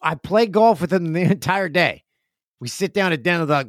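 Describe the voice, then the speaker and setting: A man's voice: lively intonation, moderate pace, dry recording. Chatty man hosting a dry podcast. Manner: chatty, jokey, acts out friends in loud high voices. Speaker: podcast host. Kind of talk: casual solo podcast chat. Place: home studio with stairs nearby.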